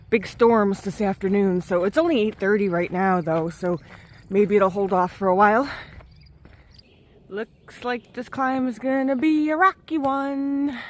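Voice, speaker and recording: A woman thru-hiker vlogging outdoors on a mountain trail into a handheld camera, a chatty, animated storyteller. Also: medium pitch. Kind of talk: casual trail vlog.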